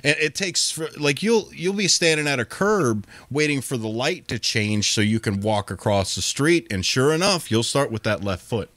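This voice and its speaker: A man's voice: medium pitch, animated, normal speed, hardly any pauses, a bit bright, dry recording. A man co-hosting a sports talk show, telling stories in casual chat with frequent restarts and playful impressions. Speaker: co-host.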